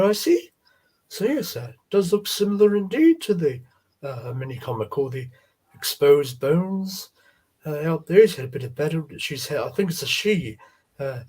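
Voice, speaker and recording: A husky man hosts a relaxed live stream. His pitch wanders up and down as he rambles gently, stopping often on fillers and repeated words. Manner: halting, many fillers and repeats, gentle folksy tone. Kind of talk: casual chat about toy card art.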